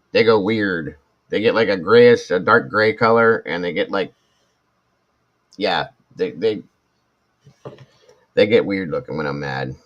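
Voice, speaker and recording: Live stream host: a man in his forties with a low, deep voice. Rambling and self-mocking, on dull lo-fi audio. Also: a bit bright. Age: 40s. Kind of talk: casual chat reading viewer comments.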